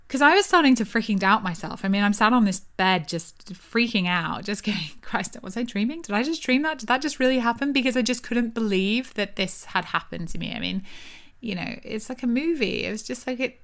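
A woman's voice: medium pitch, a bit bright. A young woman vividly retelling a personal story to her viewers, with breathless restarts.

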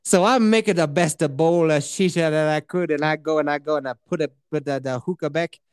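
A man's voice: a little high, brisk, clean tone, no echo, studio quality. A man in his thirties from Colorado hosting a podcast, telling a profane, rambling story and laughing along with himself. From Colorado, USA. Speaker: podcast host. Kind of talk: casual storytelling chat.

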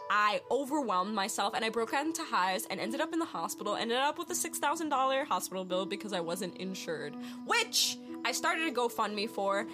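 Bubbly woman over background music. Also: a little high. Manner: chatty, bubbly, laughs often, says "like" a lot. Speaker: host of a wellness podcast. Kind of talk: casual spiritual self-help talk.

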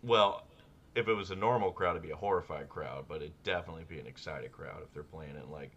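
A man co-hosting a podcast in casual comedic chat, riffing sardonically on absurd dark jokes and laughing often. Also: low voice, quick pace, husky, lo-fi sound. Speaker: podcast co-host.

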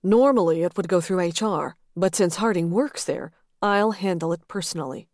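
A woman reader voicing a confident, flirtatious male executive with a calm, amused drawl. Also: fairly low pitch, moderate pace, no echo, clean studio sound, natural voice. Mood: assured.

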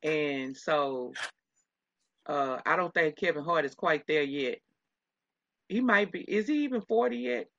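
A woman's voice: low-pitched, measured pace, gravelly, pauses often, a bit bright, lo-fi sound. A woman co-hosting a casual gossip chat, rambling and laughing often with many restarts. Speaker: podcast co-host.

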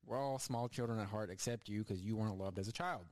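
A man's voice: lowish voice, fast, a little mellow, no echo. A young man hosting a podcast, chatting casually and rambling through funny stories. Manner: joking, rambling storyteller. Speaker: podcast host. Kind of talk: casual chat.

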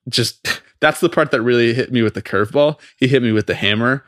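A man co-hosting a podcast, ranting in a fast, profane, exasperated way about something that annoys him. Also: mid-range voice, a bit bright, dry recording, studio quality. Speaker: podcast co-host. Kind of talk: heated casual podcast rant.

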